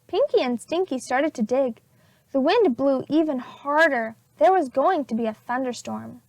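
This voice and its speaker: Preschool teacher, female, expressive read-aloud voice, swooping high tones. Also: dry recording. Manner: slow, expressive storybook reading. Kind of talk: reading a chapter book aloud to children.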